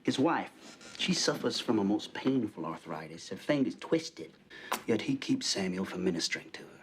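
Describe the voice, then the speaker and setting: A deep-voiced earnest reverend. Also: male voice, sing-song, a little hiss or hum. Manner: earnest, measured. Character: middle-aged male reverend, pleading father.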